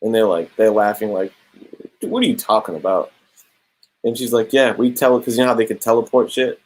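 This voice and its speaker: A young man casually reviewing a comic book, talking in a relaxed, slangy way. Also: on the low side, quick pace, rough recording. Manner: laid-back slangy, drops "bro" and "straight up".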